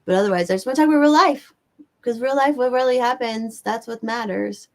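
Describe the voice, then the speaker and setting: A woman's voice: on the high side, fairly quick. A Southern American woman hosts a livestream and chats with her viewers in a loose, rambling way. She swears casually as she talks to them. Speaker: livestream host. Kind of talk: casual chat answering viewers.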